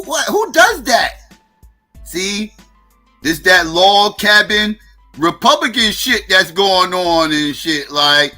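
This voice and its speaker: A man's voice: high voice, pushed and bright. A man hosting a livestream, reacting with profane, mocking rhetorical questions. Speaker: livestream host. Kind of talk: live reaction commentary.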